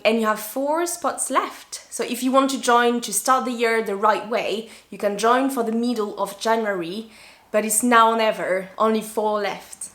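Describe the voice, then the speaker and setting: A native French-speaking woman from France gives an online English lesson in a fairly high voice. She repeats key words slowly and deliberately for her learners. The room adds a clear echo. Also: steady tone, a bit bright. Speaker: English teacher.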